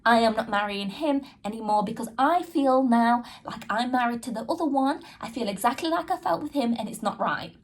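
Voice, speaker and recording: Animated and fairly quick with few pauses, her voice sits on the high side. As a podcast host, she shares a personal story frankly and earnestly, speaking to listeners directly and recreating her own past conversations.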